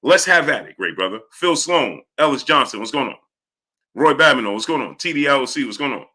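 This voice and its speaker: A man hosting a live stream, greeting viewers by name and repeating catchphrases in a lively way. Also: medium pitch, brisk. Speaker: live-stream host reading viewer chat. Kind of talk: casual live-stream chat.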